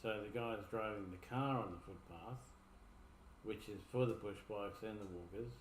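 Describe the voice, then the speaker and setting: A man's voice: lowish voice, normal speed. An Australian man giving rambling, laid-back commentary as a streamer reacting to videos. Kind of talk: casual commentary. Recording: echoey room, faint noise.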